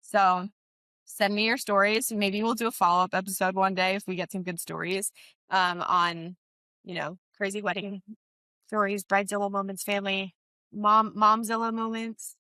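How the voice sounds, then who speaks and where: A woman's voice: mid-range voice, flat delivery, normal speed, sharp tone, no room sound. A young woman hosting a casual podcast as a wedding planner, chatty with lots of "um" and "like". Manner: chatty, many fillers like "um" and "like".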